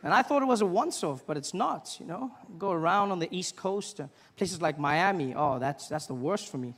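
A man doing a stand-up comedy set in front of a live audience, bursting into loud put-on voices as he tells his stories. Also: sits high, animated, moderate pace, in a large hall. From South Africa. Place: large theater with a live audience. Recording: stage mic, loud crowd laughter and noise.

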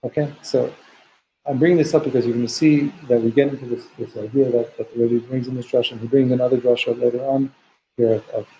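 A man leading a text study class. He translates Hebrew and Aramaic phrases line by line and slows down to quote verses. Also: medium pitch, steady tone, muffled recording, slight background noise. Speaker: teacher.

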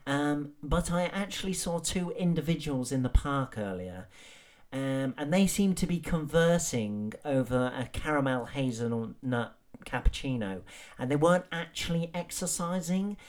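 A man puts on a fussy, self-righteous middle-aged woman, pitched noticeably higher than his own voice. She hesitates with ums as she delivers a prim online warning in a comedy bit. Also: lively intonation, unhurried.

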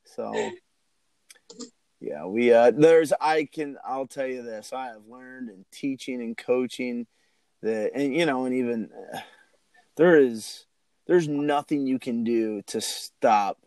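Gravelly earnest man. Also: medium pitch, takes it slowly, a little mellow, no room sound. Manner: earnest, rambling, motivational. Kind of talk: casual chat.

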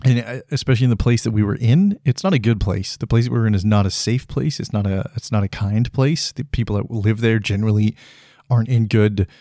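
A man's voice: on the low side, brisk, mellow, dry recording, clean studio sound. A man in his thirties hosting a solo podcast monologue, talking bluntly and with frustration, swearing freely and breaking off into restarts. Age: 30s. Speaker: podcast host.

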